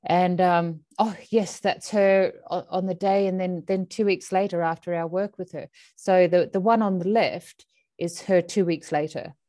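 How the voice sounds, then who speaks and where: A woman's voice: fairly low pitch, moderate pace, no echo, studio quality. A woman from Australia, an animal communicator talking casually, telling stories animatedly and acting out voices. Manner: animated storyteller who acts out voices. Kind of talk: casual conversation.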